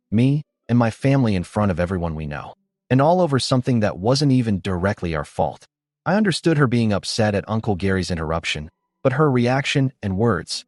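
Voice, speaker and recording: A man giving scripted first-person narration of a story in a steady, animated storytelling delivery. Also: lowish voice, no echo, studio quality. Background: faint background music.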